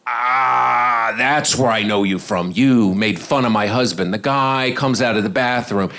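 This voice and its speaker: A man's voice: mid-range voice, a little slow, pushed and bright, voice pushed down. Give me a prim, formally spoken woman, as a male comic puts her on. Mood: pointed. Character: prim adult woman, polite then pointed.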